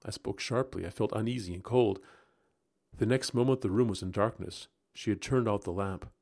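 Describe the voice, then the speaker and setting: A man narrating a gothic story aloud in the first person, expressive and rising into agitation at tense moments. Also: on the low side, normal speed. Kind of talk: dramatic audiobook narration.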